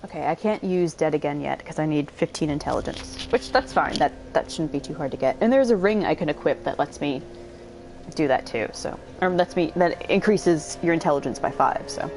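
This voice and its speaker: A young woman giving casual gameplay commentary, thinking aloud and pausing on fillers while she eats dinner. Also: low-pitched, animated, noisy background. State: eating while talking. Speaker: gameplay streamer.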